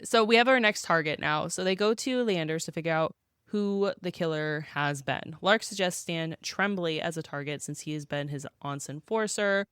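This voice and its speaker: Woman co-host, easygoing plot recap with frequent laughter, smooth lowish voice, dry close mic. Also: moderate pace, a bit bright, no room sound. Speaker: podcast co-host. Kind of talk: casual book discussion.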